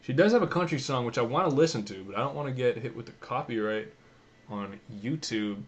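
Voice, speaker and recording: A man's voice: medium pitch, expressive, brisk. A young man giving casual, offhand commentary, thinking aloud and swearing as he browses. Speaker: vlogger.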